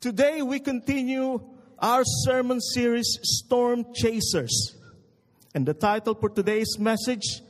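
A male pastor preaching a sermon, telling stories slowly and with emphasis before he leads a prayer. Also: very high-pitched, big-room sound. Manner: slow, emphatic storytelling.

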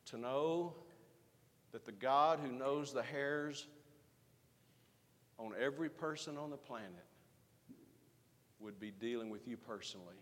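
A man preaching a sermon as pastor, swinging from emphatic rising lines to quiet, hushed asides. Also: medium pitch, a little slow, pauses often, big-room sound.

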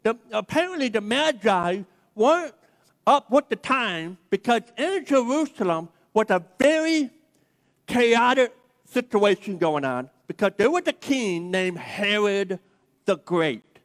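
A man with a strikingly high voice preaches a sermon, telling the story with humor and acting out the quotes. His voice rings out with the long reverb of a large hall. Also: big pitch swings, a little slow.

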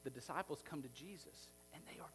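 A man, a pastor, preaching a sermon in a conversational, animated way, acting out the scenes he describes. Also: on the high side, quick pace, gravelly, soft background music.

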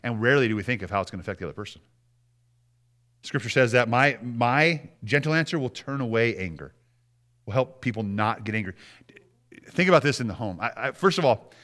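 A man's voice: medium pitch, bright, forceful tone. A man preaching a sermon as pastor, talking conversationally and asking the congregation frequent rhetorical questions.

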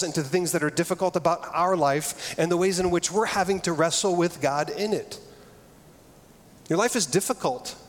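A middle-aged man preaching a sermon, earnest and conversational, often restarting his phrases. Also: on the high side. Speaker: pastor. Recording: long reverb of a large hall.

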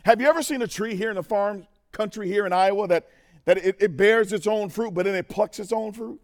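A middle-aged man giving a testimony sermon at a men's conference, talking straight to the crowd and moving from quiet to loud. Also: high-pitched, a little fast. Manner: animated, talks to the crowd, swings from quiet to loud. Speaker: conference speaker.

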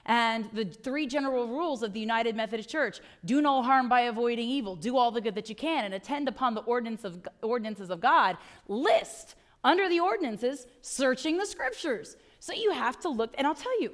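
A woman's voice: on the high side, animated, a little fast, hardly any pauses. A middle-aged woman preaching a sermon as pastor, conversational, wry and emphatic, often adding "right?" to her points.

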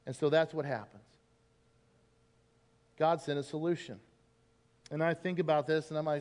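A middle-aged man preaching a sermon in a church, telling stories and acting out biblical figures with animated shifts of voice. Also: fairly high pitch, a little slow, pauses often. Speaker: pastor. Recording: long reverb of a church hall.

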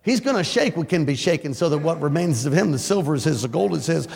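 Gravelly preacher man in an echoey hall. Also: fairly high pitch, fast talker, noisy background. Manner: animated, playful, folksy, acts out stories. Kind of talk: lively storytelling sermon. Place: church before a congregation. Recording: echoey church hall with faint ambience.

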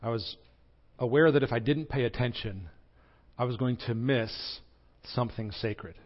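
Earnest Southern pastor, slightly muffled. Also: male voice, moderate pace. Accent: Southern American. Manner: earnest storytelling with swells in pitch and volume. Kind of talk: sermon.

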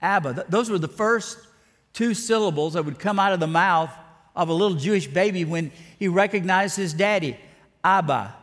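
A man's voice: sits high, normal speed, a bit bright. A man preaching a sermon with dramatic emphasis and repeated words. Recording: long reverb of a large hall.

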